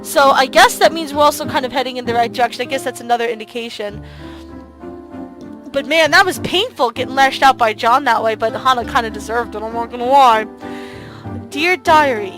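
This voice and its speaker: A woman's voice: fairly high pitch, brisk, over music. A woman streamer reading a visual novel aloud and reacting expressively to it.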